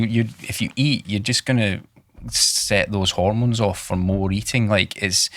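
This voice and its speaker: Man, cardiologist co-host, low pitch, dry close sound, plain explaining. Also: fairly bright tone, dry recording. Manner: explains to patients with plain everyday examples. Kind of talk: casual podcast chat.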